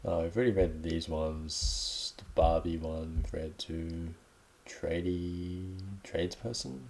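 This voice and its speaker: Deep-voiced young Australian man rambling. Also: steady tone, slow pace, darkish tone. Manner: rambling, laid-back, many ums. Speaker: podcast host. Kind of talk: casual solo podcast chat.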